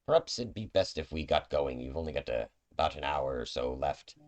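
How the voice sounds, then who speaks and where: A man's voice: a bass voice, animated, brisk. A man voicing an awkward, nervous young man in a tabletop game, stammering and hesitant. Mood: uneasy.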